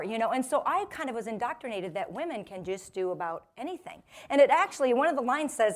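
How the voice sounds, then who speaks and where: A woman in her forties giving a humorous storytelling talk to a live audience, lively and self-mocking, laughing often and acting out what people said. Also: high-pitched, quick pace, hardly any pauses. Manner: lively, self-mocking, acts out quoted voices. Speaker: motivational speaker.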